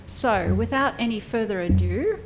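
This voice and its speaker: A woman moderates a panel in a room with an audience. She works through the introductions briskly, slipping in small jokes. Her pitch sits mid-range, and a faint hum runs under the sound. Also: animated. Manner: brisk, lightly joking while introducing panelists.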